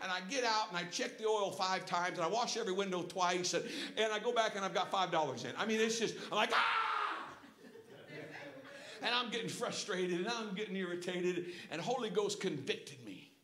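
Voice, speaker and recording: High-voiced, bright preacher man in echoey church. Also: fairly quick, few pauses. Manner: folksy storytelling preacher, swinging from hushed to shouting. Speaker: pastor. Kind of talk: sermon. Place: church sanctuary. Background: congregation calling out responses.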